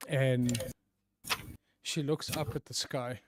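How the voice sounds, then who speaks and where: A man's voice: mid-range voice, fairly even intonation, slow pace, long pauses, faint music behind. Man narrating as game master. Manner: descriptive narration that drops to hushed tones.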